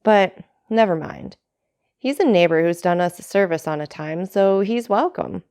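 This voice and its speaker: A woman's voice: lowish voice, lively intonation, moderate pace, a little mellow, clear, resonant tone. A woman reading aloud, voicing an earnest young male sailor who speaks to his father in an ardent, pleading way, in a storybook.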